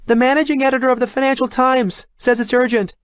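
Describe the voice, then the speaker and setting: A man's voice: sits high, lively intonation, fast, no room sound, pitched above the performer's own voice. A man reading an audiobook, voicing a young female office assistant who calls out urgent news. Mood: hurried.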